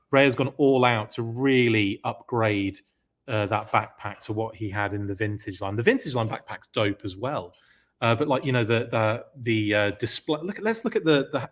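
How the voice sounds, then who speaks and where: A man hosting a live podcast stream, chatty and excited, gushing over a collectible and reading viewer comments aloud. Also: medium pitch. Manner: chatty, many fillers and restarts. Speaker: podcast host.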